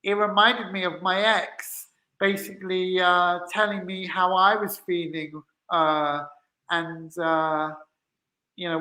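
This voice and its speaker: A man talks candidly about his own experiences, hesitant and full of restarts. His voice is bright and forceful. The room around him rings with echo. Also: high voice, level tone, slow. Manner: hesitant, restarts often, recounts dialogue. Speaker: co-host. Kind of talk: candid personal conversation.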